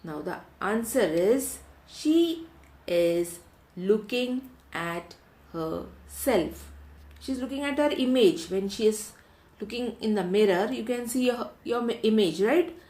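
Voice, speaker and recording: A woman teacher, taking a class of children through a lesson, repeating each question and answer slowly so they can write it down. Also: a little high, mellow. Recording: roomy echo.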